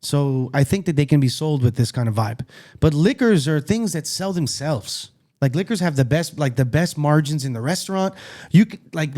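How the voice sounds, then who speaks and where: A man co-hosting a podcast, chatting in a blunt, animated way and swearing freely. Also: a little high. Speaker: podcast co-host. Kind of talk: casual chat. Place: studio.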